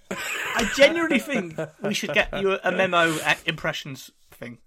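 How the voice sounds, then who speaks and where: Higher-pitched guy cohosting, super bouncy voice, giggly and teasing, bit of hiss behind. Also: very animated, normal speed. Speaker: podcast co-host. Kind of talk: casual chat.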